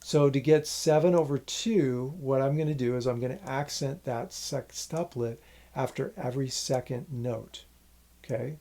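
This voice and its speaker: A man teaching a music lesson, patiently explaining a rhythm and counting its syllables out loud. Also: mid-range voice, normal speed, vocal fry.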